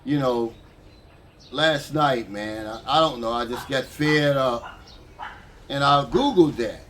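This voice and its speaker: A man's voice: mid-range voice, takes it slowly, fairly bright tone, slight background noise. An older man from the United States, talking casually and heatedly to camera as a vlogger. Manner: frustrated, heated, conversational.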